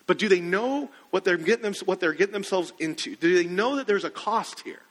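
A pastor preaching in a conversational way, often putting questions to the congregation. His voice sits high and sounds bright and forceful. The hall gives it a long, ringing reverb. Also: expressive, a little fast. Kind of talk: sermon.

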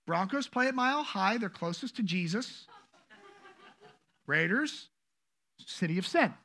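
A man preaching a sermon as pastor, animated and joking with the congregation. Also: high-pitched, unhurried. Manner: animated, acts out quoted voices, jokes with the congregation.

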